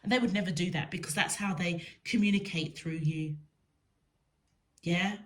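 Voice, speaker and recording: A woman giving a spiritual tarot reading, slow and emphatic, repeating words for stress. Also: fairly low pitch, fairly even intonation, slight background noise. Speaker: tarot reader.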